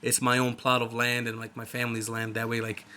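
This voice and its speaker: A man's voice: medium pitch, monotone, fairly quick, pushed and bright, a little hiss or hum. Rambling young man, casual podcast chat. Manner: rambling, loose, swears a lot. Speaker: podcast co-host.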